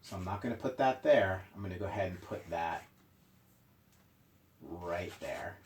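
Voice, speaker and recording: A man's voice: low voice, moderate pace, slight background noise. A male teacher leading a morning meeting lesson for young children, explaining step by step in a patient, friendly, playful way.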